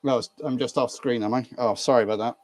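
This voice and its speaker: A man's voice: medium pitch, steady tone, quick pace, a little mellow, dry recording. A man from Ireland hosting a casual live stream, chatting and laughing with viewers while he works on a model train. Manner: chatty, laughs easily, greets viewers by name.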